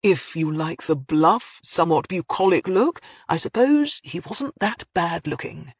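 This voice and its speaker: A prickly, clipped man, as an audiobook narrator puts him on, a touch higher than the narration. He answers sharply in a dry, close sound. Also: very animated, unhurried, slightly rough, dry recording, heavily acted. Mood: grudging.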